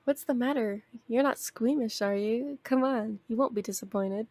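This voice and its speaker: A woman's voice: a little high, moderate pace, darkish tone, no echo. A woman reading out the lines of a blunt, morbid young male companion character from a game, in a teasing tone. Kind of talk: reading game text aloud on a stream.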